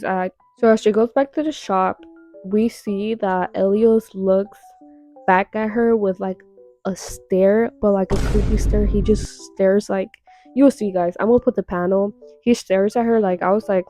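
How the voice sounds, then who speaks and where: A woman's voice: medium pitch, steady tone, moderate pace, mellow, soft background music. Chatty young woman recapping a story. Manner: chatty, filler-heavy, dramatic reactions. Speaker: webtoon recap vlogger.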